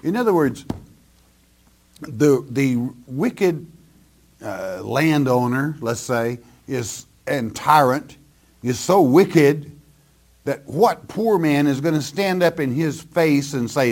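An older man teaching a sermon verse by verse, reading scripture and then explaining it in plain, deliberate words. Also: medium pitch, expressive, darkish tone. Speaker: preacher.

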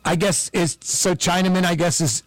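A man's voice: high voice, fairly even intonation, moderate pace, no room sound, poor audio. A man hosting a casual chat, rambling and musing as he talks, aware of how his words come across.

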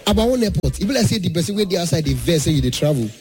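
A man performs stand-up comedy in a somewhat high voice. He is animated and slips into pidgin as he acts out the characters in his stories. Faint music plays behind him. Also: very fast. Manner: animated, acts out mothers and airline staff in pidgin.

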